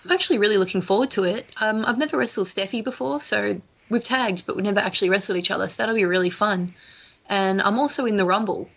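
An Australian woman, a wrestler, chats as a guest on a casual podcast, telling stories and laughing easily. Her mid-range voice is gravelly, husky, and fairly bright, and she speaks at a quick pace.

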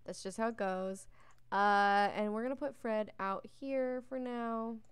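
Her voice sits on the high side, clear and resonant, with a steady tone and measured pace in a dry recording. As a young let's play host, she keeps up relaxed, talkative commentary, addressing the game characters directly and yawning often.

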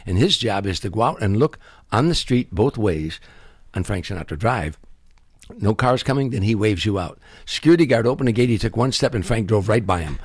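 Older male comedian guest, husky voice, acts out every character, dry close sound. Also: fairly low pitch, no echo. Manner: acts out other people's voices and sound effects, lively storyteller. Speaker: comedian guest telling stories. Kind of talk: animated anecdote telling.

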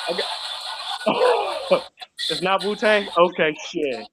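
A man's voice: high-pitched, huge pitch swings, slow pace, pauses often, noisy background. A man playing along as a contestant, unsure and laid-back as he fumbles his guesses. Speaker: game contestant. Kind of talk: casual group game chat.

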